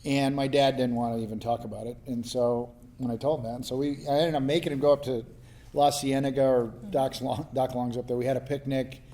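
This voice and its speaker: A man from New Mexico telling lively personal stories as a panelist, laughing and acting out the voices of people he quotes. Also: mid-range voice, a little fast. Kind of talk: storytelling in a panel discussion.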